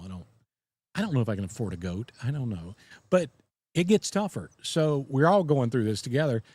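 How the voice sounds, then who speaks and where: A man's voice: mid-range voice, a little mellow, no echo. A man with a Southern US accent hosting a casual podcast live stream, rambling in a folksy way and reading viewer comments. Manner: folksy, rambling, chuckles often. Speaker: podcast host.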